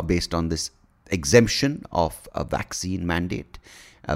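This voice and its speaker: Gravelly, profane ranting comedian man. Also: a bass voice. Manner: profane, rambling, self-mocking. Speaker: podcast host and comedian. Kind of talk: casual comedic rant.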